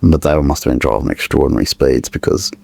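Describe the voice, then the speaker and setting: A middle-aged man with a halting manner, recounting a painful personal story as a podcast guest. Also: extremely low pitch, gravelly, darkish tone, husky. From Australia. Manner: halting, searching for words, with restarts.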